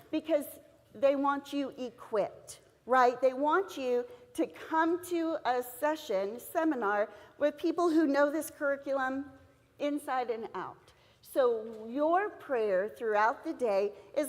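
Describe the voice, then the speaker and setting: High-voiced woman speaking in a reverberant church hall. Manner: earnest, storytelling, encouraging. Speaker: seminar speaker for teachers. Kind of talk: devotional talk to teachers.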